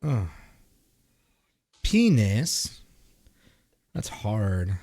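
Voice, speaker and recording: A blunt, teasing man playing along in a casual trivia game, swearing as he grumbles about the questions. His mid-pitched voice swoops widely from low to high. He talks in loose, joking banter. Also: very animated, drawn-out words, mellow. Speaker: quiz contestant.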